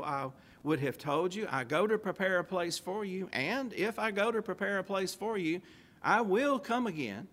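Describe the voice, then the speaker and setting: Male preacher, fairly high-pitched, emphatic sermon delivery with scripture reading. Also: a bit bright. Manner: reads old-style scripture aloud and asks rhetorical questions; emphatic, stressing key phrases.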